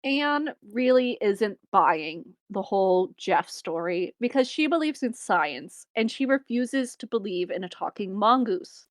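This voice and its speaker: A woman's voice: medium pitch, animated, a little slow, hardly any pauses, no room sound. A young woman co-hosting a podcast, casually recapping a film with wry asides and frequent laughter. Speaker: podcast co-host.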